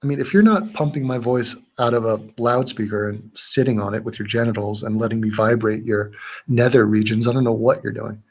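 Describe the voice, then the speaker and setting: A man's voice: on the low side, steady tone, brisk, dull audio. A man hosting a livestream, reading out chat comments and chatting casually in a rambling, joking way. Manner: rambling, joking, with fillers and restarts.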